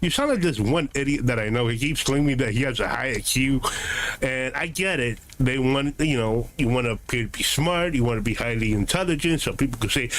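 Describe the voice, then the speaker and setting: A man's voice: medium pitch, a little fast, fairly bright tone, slight background noise. A man streaming a game, answering his live chat in a combative, sarcastic, lecturing way.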